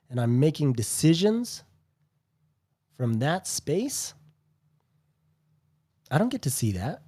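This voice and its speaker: A man co-hosting a recovery podcast, speaking in a slow, earnest, reflective way. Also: medium pitch, mellow. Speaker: podcast co-host. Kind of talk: reflective talk.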